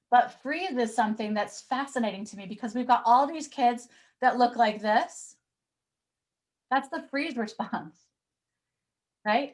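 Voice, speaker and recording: A woman's voice: a little high, low-quality recording. A woman educator giving a live online talk, telling a classroom story, acting out the people she quotes and reading replies from the chat.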